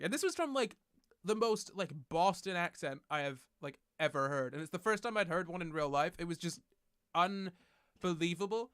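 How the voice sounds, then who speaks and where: A man's voice: on the high side, expressive, fairly quick, a bit bright, clean tone, dry recording, studio quality. A young man streaming from his desk at home, chatting in a rambling, self-correcting way with light laughs, into a desk mic. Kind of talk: casual livestream chat. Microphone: desk microphone.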